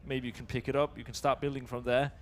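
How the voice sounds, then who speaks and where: A man giving live esports color commentary, talking in a hesitant way with many pauses and restarts. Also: medium pitch, level tone, a little hiss or hum.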